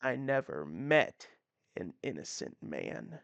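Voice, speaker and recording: A woman voicing a grim retired male lawman turned farmer with a gruff, terse drawl. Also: extremely low pitch, big pitch swings, slow, no echo, voice pushed down, exaggerated voice.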